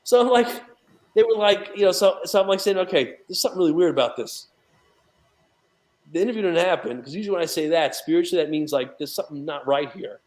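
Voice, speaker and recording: A man's voice: high-pitched, fast, darkish tone. A man speaking as a guest in a casual interview, from New York, rambling with many fillers and restarts. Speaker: guest, documentary associate producer.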